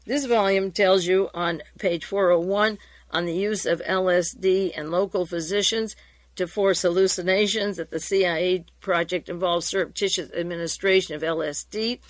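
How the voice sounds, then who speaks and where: A woman radio host reading hearing transcripts aloud and commenting, in a steady reading voice with occasional fillers and restarts. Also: on the low side, normal speed, no room sound.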